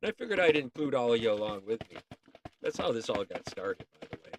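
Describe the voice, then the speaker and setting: A man's voice: medium pitch, very animated, fast, heavy background noise. A man hosting a casual livestream, chatting in a rambling, playful way and often talking to himself. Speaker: livestream host.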